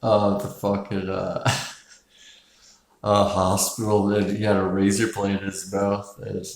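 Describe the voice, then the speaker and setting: A man's voice: fairly low pitch, completely flat delivery, slow pace, creaky. A man casually reviewing a horror film in a loose, rambling, profane way, with frequent chuckles and filler words. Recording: echoey room.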